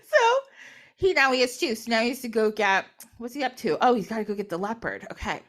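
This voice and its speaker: A woman hosting a casual podcast, telling a folk story with a lot of animation. Her voice sits a little high, and she slips into playful voices for each character. She laughs easily as she talks. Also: lively intonation, quick pace, fairly bright tone. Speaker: podcast host.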